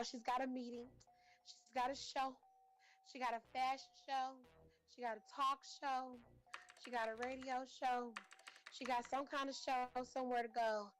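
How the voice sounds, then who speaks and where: Woman roaster, heartfelt and rambling, slightly high voice, faint music. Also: poor audio. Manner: rambling, warm-hearted, many fillers. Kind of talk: heartfelt tribute speech.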